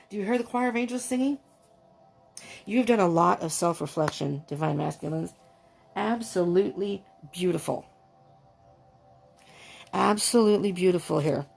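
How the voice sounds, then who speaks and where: A woman doing a tarot reading, talking in a gushing, excitable way, often breaking off with exclamations and restarting her sentences. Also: mid-range voice, vocal fry. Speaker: tarot reader.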